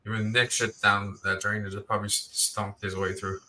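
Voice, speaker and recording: A man's voice: on the low side, little pitch movement, brisk, sharp tone. A man whose first language is French, joking and teasing crudely while tasting beer in a casual chat.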